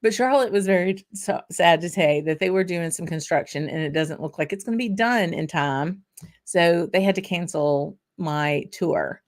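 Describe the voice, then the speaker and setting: A chatty woman with a Southern US accent hosts a relaxed whisky show, her voice sitting low for a woman. She rambles along with plenty of ums and light laughs, stopping now and then to savor a sip. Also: normal speed. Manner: tasting and sipping between remarks. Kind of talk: casual livestream chat.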